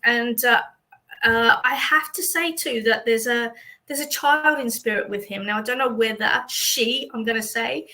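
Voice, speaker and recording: A woman's voice: a little high, bright, forceful tone, low-quality recording. An Australian woman, a psychic medium, chatting through a livestream reading for viewers with many fillers and a reassuring manner.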